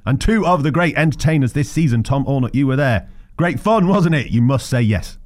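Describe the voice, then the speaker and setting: A man's voice: mid-range voice, animated, fairly quick, no echo, studio quality. A man hosting a football podcast, with wry, teasing banter. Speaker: podcast host. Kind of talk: casual football podcast chat.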